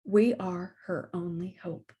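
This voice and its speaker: A woman voicing a gentle, timid male dog who talks softly and earnestly in a storybook reading. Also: on the low side, fairly even intonation, slow, breathy edge. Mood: hushed pleading.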